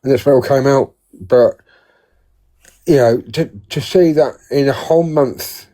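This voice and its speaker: A man's voice: medium pitch, a little slow, warm tone. A man in casual chat, hesitant and repeating words as he talks.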